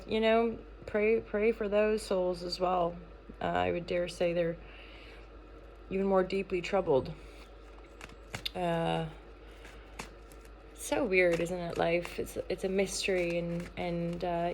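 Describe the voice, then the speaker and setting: A woman's voice: on the low side, creaky, darkish tone, slight background noise. A woman giving a casual daily tarot reading, talking in a playful, rambling way with many fillers and restarts. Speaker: tarot reader and channel founder.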